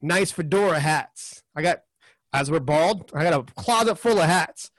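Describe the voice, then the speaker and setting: A man's voice: on the high side, normal speed, fairly bright tone, no room sound. A man co-hosting a podcast who talks bluntly and casually, sometimes swearing. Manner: blunt and frank, with occasional swearing. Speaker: podcast co-host. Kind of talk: casual interview chat.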